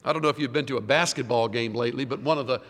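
A man preaching a sermon, swinging from loud, emphatic lines to hushed, quiet ones. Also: mid-range voice, very fast, big-room sound. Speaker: pastor.

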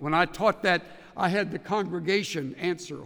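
A man teaching a Bible study class, emphatic and animated, walking his listeners through each step. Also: high-pitched, moderate pace, few pauses, long reverb tail.

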